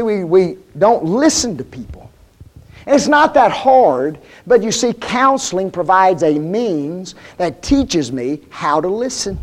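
A male preacher with a high voice that swoops up and down as he talks. He keeps the sermon folksy and plain-spoken and throws question after question at the congregation. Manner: asks the congregation frequent rhetorical questions.

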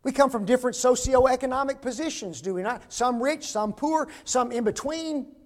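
A man's voice: very high-pitched, moderate pace. An older man, preaching a folksy sermon and asking the congregation rhetorical questions.

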